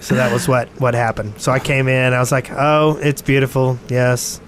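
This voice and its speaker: A man on a casual gaming podcast, talking in a relaxed, rambling way. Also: mid-range voice, moderate pace, a little hiss or hum. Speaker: podcast co-host.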